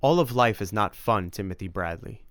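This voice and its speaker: Brief: man playing a grave hero who lectures his young friend, low steady voice, dry close read. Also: normal speed, clear, resonant tone, no echo. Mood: stern. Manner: stern, formal, lecturing. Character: serious, formal warrior mentor. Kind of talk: audiobook character voice.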